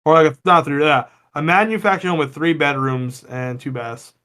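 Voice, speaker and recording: Bright-voiced Texan guy, swearing. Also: a little high. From Texas. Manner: swears a lot, quick to laugh. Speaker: podcast co-host. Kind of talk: casual chat.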